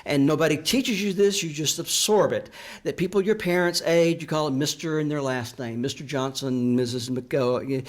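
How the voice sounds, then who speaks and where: Reflective older man, slightly high voice. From American South. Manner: reflective, earnest, confessional. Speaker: author. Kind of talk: personal storytelling talk. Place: library event room.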